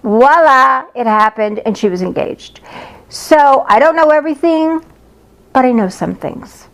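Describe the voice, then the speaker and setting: A woman's voice: sits high, expressive, measured pace. A woman psychic telling stories about her work in a lighthearted, blunt manner, acting out the voices of the people she quotes. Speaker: psychic medium. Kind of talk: casual storytelling monologue.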